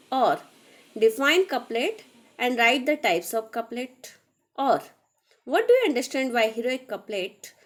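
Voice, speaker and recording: A woman teacher with an Indian accent, reading out a recorded lecture slowly and deliberately. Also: fairly high pitch. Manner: slow, deliberate reading of notes.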